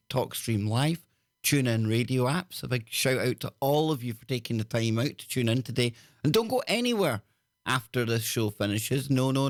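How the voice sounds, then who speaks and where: A man's voice: mid-range voice, dry recording, studio quality. A man with a Scottish accent hosting a live call-in radio show, joking with his listeners and greeting them one by one. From Scotland. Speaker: radio talk show host.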